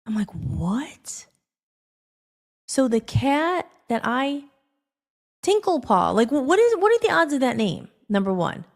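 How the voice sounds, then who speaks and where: Woman, podcast host, personal story, rambling, animated, fairly high pitch. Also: normal speed, vocal fry. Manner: rambling, animated, acts out quoted dialogue with filler "like".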